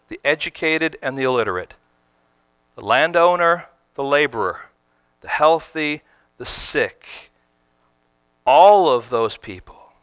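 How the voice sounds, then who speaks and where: A man's voice: medium pitch, a bit bright, clean tone, dry recording. A man preaching a sermon, emphatic and direct, often asking his listeners questions and sometimes repeating words as he restarts. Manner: emphatic, asks the congregation questions. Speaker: pastor.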